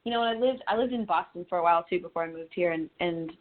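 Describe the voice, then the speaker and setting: A young singer-songwriter from Connecticut chats in a phone interview, her lowish voice coming rapid-fire over a tinny line. She laughs easily and often restarts her sentences.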